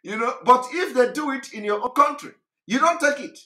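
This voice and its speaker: A man's voice: extremely high pitch, animated, brisk, bright, forceful tone. A man from southeastern Nigeria with a Nigerian accent, giving an impassioned political monologue, mocking and fiery, laughing between his points. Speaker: political activist broadcaster. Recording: roomy echo.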